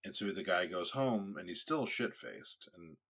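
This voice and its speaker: A man's voice: low voice, expressive, moderate pace, fairly bright tone, a little hiss or hum. A man co-hosting a podcast in casual chat, telling rambling stories and jokes with many restarts. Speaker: podcast co-host.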